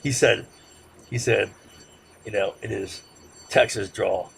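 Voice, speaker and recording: A man giving a classroom lecture in a conversational way, often checking in with "right?" and growing loud and heated as he makes his points. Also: lowish voice, steady tone, slow, gravelly, pauses often, breathy edge. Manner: conversational, peppers sentences with "right?"; gets loud and heated when making a point.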